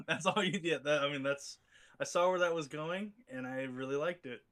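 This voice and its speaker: A man co-hosting a casual chat, easygoing and quick to laugh along. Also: a little high, a bit bright. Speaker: podcast co-host.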